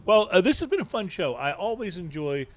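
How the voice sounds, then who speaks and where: A man's voice: high-pitched, very animated, fairly quick. A man co-hosting a casual show, easygoing, thanking people and plugging upcoming episodes. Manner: easygoing, wraps up with thanks and plans. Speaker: podcast co-host. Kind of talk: casual chat. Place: bar or taproom.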